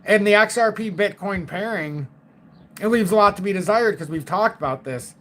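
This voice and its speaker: A man in his early forties talks through market charts on a live stream, excitable and emphatic. His voice sits a little on the high side. He thinks aloud with fillers and drops the odd curse. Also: normal speed, a little hiss or hum. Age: 40s. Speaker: crypto live-stream host.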